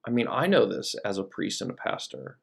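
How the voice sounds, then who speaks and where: A man's voice: lowish voice, huge pitch swings, fairly quick, gravelly, breathy edge. A man who is a priest, giving a conversational teaching talk with frequent fillers and restarts. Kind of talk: recorded teaching talk over slides.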